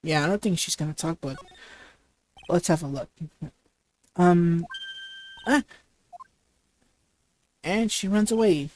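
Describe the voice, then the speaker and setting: A woman's voice: fairly low pitch, slow, pauses often, a little mellow. A woman giving casual game commentary, hesitant with fillers and restarts. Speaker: let's play host.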